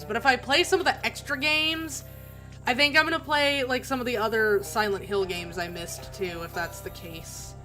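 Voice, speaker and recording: A young woman streaming a video game, commenting excitedly and gushing, with bursts of loud laughter. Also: on the high side. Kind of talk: live gameplay commentary.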